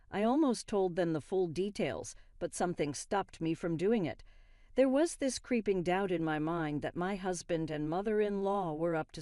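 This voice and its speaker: Woman storyteller, lowish mellow voice, dry close sound, even delivery. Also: no echo. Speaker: story narrator. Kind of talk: first-person story narration.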